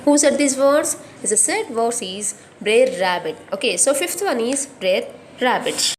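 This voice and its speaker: A woman with an Indian English accent teaches a grammar lesson in a fairly high voice. She repeats each sentence, spells words out and checks in with the class. A faint hiss sits under the recording. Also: very animated, a little slow.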